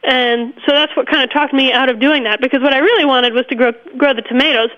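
A woman's voice: high voice, fairly even intonation, quick pace, highs cut off. Chatty woman telling stories on a radio show. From upstate New York. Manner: chatty, laughs often, with small restarts. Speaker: nursery owner, guest. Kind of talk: relaxed storytelling in an interview.

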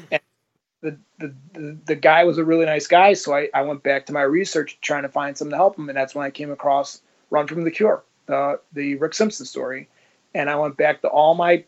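A man's voice: on the high side, darkish tone. A man telling his story as a guest in casual, blunt talk, swearing freely and acting out the dialogue he quotes. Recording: dull lo-fi audio.

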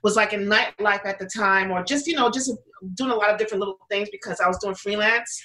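A woman's voice: medium pitch, fast, sharp tone, rough recording. A woman guest in an interview, telling her story in a casual, chatty way with many fillers and restarts, acting out what others said. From United States. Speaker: interview guest, pizza business owner.

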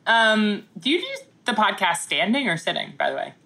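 A woman's voice: mid-range voice, very animated, moderate pace, creaky, bright, forceful tone. A woman co-hosting a comedy podcast, casual chat full of jokes and laughter. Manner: jokey, laughs often, mock newscaster reading. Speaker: podcast co-host.

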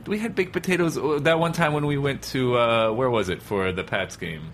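A man's voice: mid-range voice, a little fast, slight background noise. A man who is a guest on a podcast, giving dry, teasing comebacks in casual studio chat.

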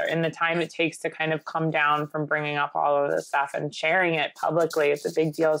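A woman's voice: low voice, vocal fry, dry recording. A woman hosting a podcast interview, speaking in an earnest, effusive way and stringing many clauses together. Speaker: podcast host. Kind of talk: casual conversational interview.

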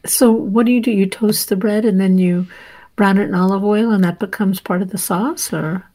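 A woman's voice: medium pitch, steady tone, normal speed, a little mellow. A woman host asking questions in a friendly, enthusiastic manner. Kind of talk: interview.

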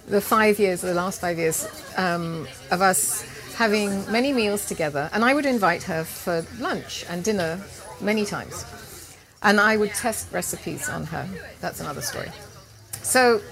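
Woman spinning an animated anecdote. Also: mid-range voice. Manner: animated anecdote-telling with laughs and quoted voices. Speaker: cooking teacher, guest. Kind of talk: storytelling interview. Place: outdoor farmers' market event. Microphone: handheld interview mic, live recording.

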